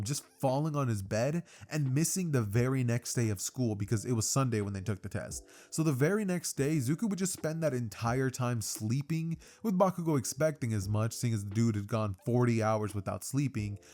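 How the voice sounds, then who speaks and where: A man casually narrating a fan-made story in an energetic, slangy way. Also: mid-range voice.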